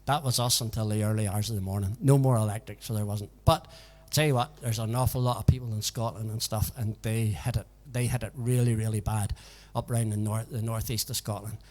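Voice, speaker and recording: A man's voice: fairly low pitch, steady tone, brisk, hardly any pauses, darkish tone. A man hosting a casual live music stream from his home, chatting in a folksy way and tagging his sentences with "so it did". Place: home in a village. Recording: long reverb with backing music.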